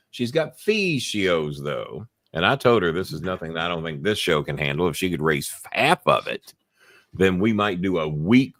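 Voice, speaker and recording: Low-pitched man, very lively intonation, dry close sound, rambling profane storyteller, casual show host. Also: no echo.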